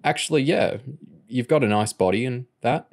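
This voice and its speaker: An earnest, awkward teenage boy who sounds unsure of himself, in an audiobook reading. A man voices him, lifting his pitch slightly. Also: normal speed, darkish tone, lightly acted.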